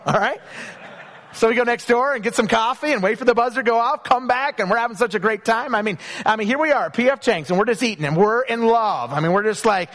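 A high-pitched man delivering a sermon from the pulpit. He tells stories in a loose, chatty way, stumbling over restarts, then slows right down to stress the lines that matter. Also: lively intonation, a bit bright. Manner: storytelling with repeated restarts and emphatic slow phrases. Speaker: pastor.

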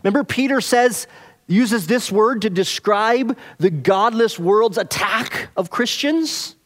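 A pastor with a fairly high voice delivers an earnest expository sermon. He presses hard on some phrases, then drops soft and slow on others.

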